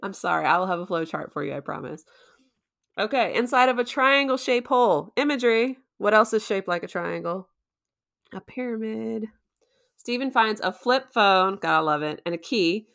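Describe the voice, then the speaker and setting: A woman's voice: mid-range voice, lively intonation, normal speed, gravelly, a bit bright. A woman recapping a show in casual chat, chatty and playful, laughing often. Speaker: co-host.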